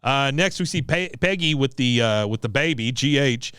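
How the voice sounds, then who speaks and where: Animated man recapping an episode. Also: mid-range voice, normal speed, clean tone, no room sound, studio quality. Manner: laughing, rambling, with many fillers. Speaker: podcast host. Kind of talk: casual chat recapping a cartoon episode.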